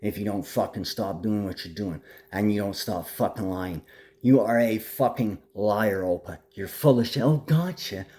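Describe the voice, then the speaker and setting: A man talking to the camera in a rambling monologue, angry and threatening, swerving between calm talk and shouting. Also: on the low side, moderate pace, a little hiss or hum.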